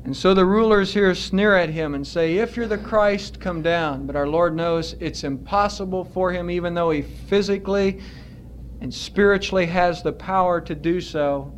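A man preaching a sermon as pastor, earnest and emphatic, stretching out his words with pauses. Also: high-pitched, slight background noise.

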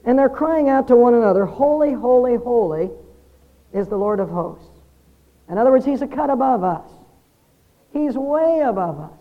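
A man preaching a sermon, explaining scripture earnestly and building emphasis through repetition. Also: very high voice. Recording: dull lo-fi sermon recording.

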